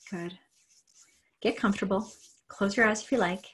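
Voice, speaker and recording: A woman coach leading a guided tapping exercise, talking listeners through it with slow, repeated cues. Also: mid-range voice, a bit bright, slightly rough. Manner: slow, repetitive guiding cues. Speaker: coach and trainer.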